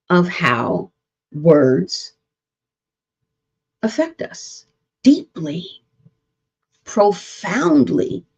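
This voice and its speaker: A woman's voice: fairly low pitch, gravelly, mellow, muffled recording. A woman therapist hosting a live-streamed relationship talk, speaking earnestly and repeating points with preacher-like emphasis. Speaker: therapist and show host.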